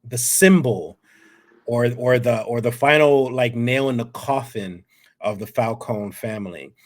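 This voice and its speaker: Guy co-hosting a show review, rambles and stumbles over words, does the characters' lines. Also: medium pitch. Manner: rambling, halting with many restarts, acts out quotes. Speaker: contributing writer, co-host. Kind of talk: casual review chat.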